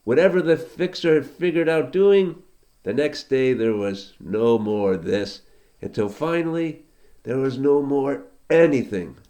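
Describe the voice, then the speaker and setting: A man's voice: mid-range voice, lively intonation, measured pace, mellow. A man, a teacher, telling a story aloud to a children's class, conversational with asides to listeners.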